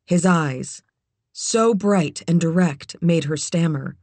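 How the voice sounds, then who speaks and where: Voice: mid-range voice, a little slow, a little mellow, no room sound. Dry, close audiobook narrator. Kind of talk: scripted narration.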